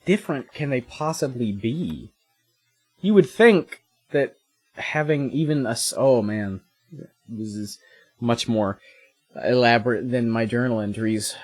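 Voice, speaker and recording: A young man in his twenties giving casual, rambling commentary while playing a video game, making jokes and breaking into excited outbursts. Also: mid-range voice, a little slow, long pauses, husky. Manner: rambling, jokey, excitable asides. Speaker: let's play host.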